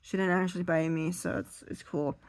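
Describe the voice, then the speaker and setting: A woman telling a rambling, self-deprecating stand-up story while seated, now and then bursting into loud high acted voices, her voice a little strained. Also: fairly even intonation, fairly quick, no echo. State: strained voice from being too loud. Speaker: stand-up comedian.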